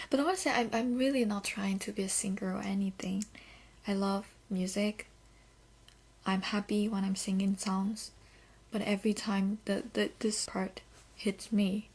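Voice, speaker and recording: Young woman, Korean accent, husky, gravelly edge, soft candid podcast talk. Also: medium pitch. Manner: soft-spoken and candid, often half-whispering, with small grammar slips. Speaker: English-learning podcaster. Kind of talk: casual personal monologue.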